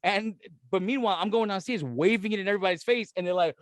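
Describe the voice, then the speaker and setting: Lively, high-voiced man telling stories. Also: fast talker, dry recording. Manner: animated, laughs often, acts out other people's reactions. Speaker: podcast co-host. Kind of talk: casual profane storytelling.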